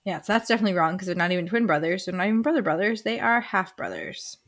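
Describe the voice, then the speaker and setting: A woman of middle pitch co-hosts a relaxed book podcast. She runs the conversation, reads list items aloud and laughs easily between points. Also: rapid-fire. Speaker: podcast co-host. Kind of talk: casual book chat.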